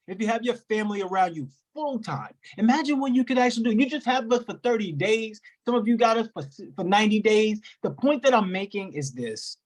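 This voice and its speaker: Give me a hyped-up call host addressing the whole group over video chat. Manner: animated, shifting pitch, slangy, talks to the group directly.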